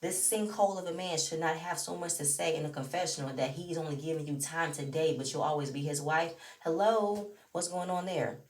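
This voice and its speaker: A woman's voice: low-pitched, fairly even intonation, fast, hardly any pauses, recorded from a distance. A woman recapping a reality show in a chatty, opinionated way, talking straight to the viewer. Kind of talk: casual recap commentary. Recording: roomy echo, away from the mic.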